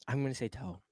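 A man's voice: medium pitch, breathy edge, no echo, studio quality. A man co-hosting a casual podcast chat, playful and rambling, laughing often. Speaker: podcast co-host.

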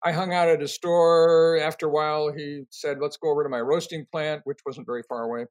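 Older guy, kinda high voice, telling long stories in an interview, lots of uhs and ums. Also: brisk. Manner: rambling, animated anecdotes with frequent fillers. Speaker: interview guest, company co-founder. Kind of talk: storytelling interview answers.

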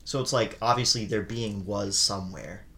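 A man's voice: lowish voice, steady tone, normal speed, sharp tone. A man co-hosting a casual podcast, easygoing and curious, asking the questions and musing aloud. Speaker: podcast co-host. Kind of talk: casual chat.

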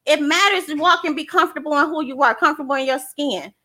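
A woman working as a transparency coach, talking in a casual, energetic and emphatic way, often repeating her phrases. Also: sits high, fast. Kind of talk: casual chat.

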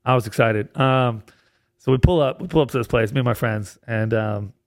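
A man's voice: mid-range voice, a little fast, no echo, studio quality. A man who works as a comedian and bartender, telling a rambling story in a casual chat and laughing as he goes.

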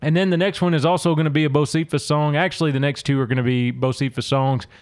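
Talking fast in a fairly high, clean-toned voice with fairly even intonation, a podcast host from Louisiana chats through song lyrics on his solo show. He reads lyrics aloud between explanations in a casual, conversational way.

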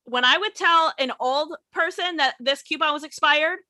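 A woman's voice: high-pitched, moderate pace, pushed and bright, no room sound. A young woman who used to wait tables, telling stories in casual chat, bluntly and with a lot of swearing, often mocking customers' voices. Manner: blunt, profane storytelling with mocked customer quotes. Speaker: former waitress and bartender.

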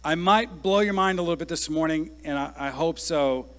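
A man preaching a sermon to a congregation, energetic and conversational, rising to shouts at the peaks. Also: on the high side, normal speed, in a large hall. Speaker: pastor.

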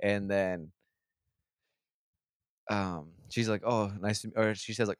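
A young man with a low voice tells a rambling, profanity-heavy story in casual podcast chat. He restarts sentences constantly and slips into quick impressions of the people involved. The sound is close and dry. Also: steady tone, dry recording. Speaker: podcast host.

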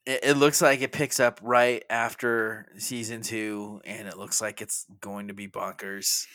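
A man's voice: lowish voice, level tone, measured pace, a bit bright, no room sound. A man co-hosting a casual movie podcast, chatty and laughing often, with frequent hesitant restarts. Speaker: podcast co-host.

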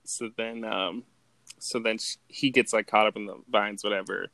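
Gravelly laid-back young man co-host. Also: steady tone, normal speed, pushed and bright, no echo. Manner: laid-back, slangy, profane, jumps high for quoted lines. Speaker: podcast co-host. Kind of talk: casual chat recapping movie scenes.

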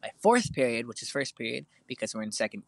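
A man's voice: mid-range voice, big pitch swings, fast, vocal fry, a bit bright, dry recording. Rambling teenage guy telling a story. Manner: rambling, filler-heavy storytelling. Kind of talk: casual chat.

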